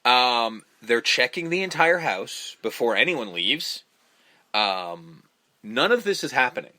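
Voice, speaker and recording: A man talks through a film in a loose, profane way, jumping into quick voices for the characters. His tone is bright and forceful. The sound is dry and close to the mic. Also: medium pitch, dry recording. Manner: profane, animated, acts out scenes in voices. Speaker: podcast co-host. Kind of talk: casual movie review chat.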